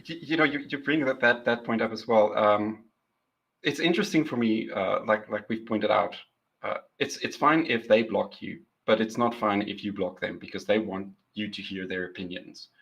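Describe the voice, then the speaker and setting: Man, low-pitched, bright tone, casual podcast chat, laughs a lot, stammers into sentences. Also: normal speed, gravelly, breathy edge, low-quality recording. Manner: laughs often, repeats words when starting. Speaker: podcast co-host.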